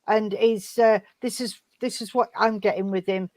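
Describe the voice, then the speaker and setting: A woman's voice: medium pitch, fairly even intonation, moderate pace, a little mellow, no echo. A woman acting as a spiritualist medium, tenderly passing on messages and calling the listener sweetheart and darling. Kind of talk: relaying spirit messages in an online service.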